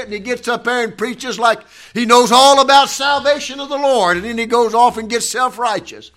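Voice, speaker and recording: A man preaching a sermon as pastor, fervent and building to shouts. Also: high-pitched, moderate pace.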